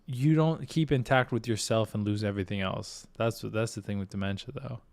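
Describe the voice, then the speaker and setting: A man's voice: on the low side, brisk, creaky, darkish tone. A man co-hosting a podcast and stream, talking in a thoughtful, laid-back way. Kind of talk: casual chat.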